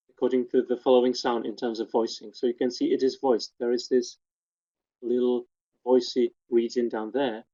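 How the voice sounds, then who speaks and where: A man's voice: mid-range voice, dark tone. Methodical man lecturing over dull audio. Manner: methodical, pointing out details step by step. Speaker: webinar presenter. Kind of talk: technical lecture walking through spectrograms.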